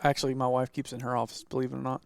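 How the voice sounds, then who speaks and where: A man's voice: medium pitch, monotone, creaky, clear, resonant tone, no echo, clean studio sound. A man from Georgia with a Southern accent, a podcast guest who keeps cracking jokes. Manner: quick, wisecracking. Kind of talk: casual podcast chat.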